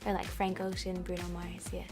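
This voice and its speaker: A woman's voice: lowish voice, completely flat delivery, fairly quick, over music. A young woman answering interview questions in a bubbly, giggly way, full of "like" and "um". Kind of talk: casual interview chat.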